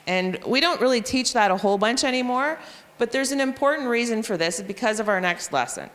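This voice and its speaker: A woman's voice: on the high side, animated, a little fast, fairly bright tone. A woman who teaches reading, explaining phonics lessons to other teachers and sounding out letters and spellings as she goes. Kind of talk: professional development talk to teachers. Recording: long hall reverb.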